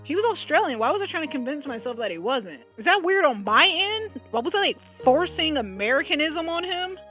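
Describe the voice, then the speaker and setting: Animated young woman reacting casually. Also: high voice, a little fast, soft background music. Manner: animated, exclamatory, chatty. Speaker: vlogger.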